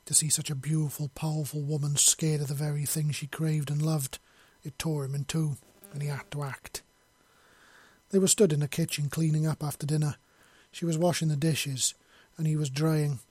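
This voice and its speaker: A man's voice: a little high, flat delivery, normal speed, darkish tone, husky, no echo. A man reading a long fantasy story aloud in an unpolished way, with slips and self-corrections. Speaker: story reader. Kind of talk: reading his own fiction aloud.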